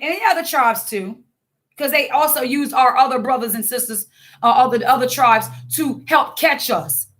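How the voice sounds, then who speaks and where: A woman's voice: sits high, fairly bright tone. A woman giving fiery religious commentary in a vlog, blunt and scolding, preaching at her viewers with frequent restarts. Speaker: online commentator.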